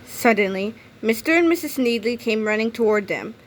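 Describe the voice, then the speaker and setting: A woman reading a children's chapter book aloud in a lively storytelling manner. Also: on the high side, moderate pace. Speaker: read-aloud narrator.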